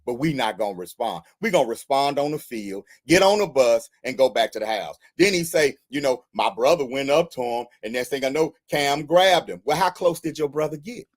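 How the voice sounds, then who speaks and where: A man's voice: medium pitch, expressive, fairly quick, few pauses. A man co-hosting a casual talk show, giving his take in a blunt, conversational way. His voice sits in an ordinary middle range for a man. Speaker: co-host.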